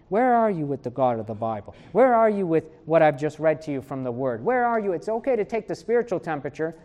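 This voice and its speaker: High-voiced preacher telling his testimony. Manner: animated storytelling, acting out his own inner voices; frequent tag questions. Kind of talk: sermon with personal testimony.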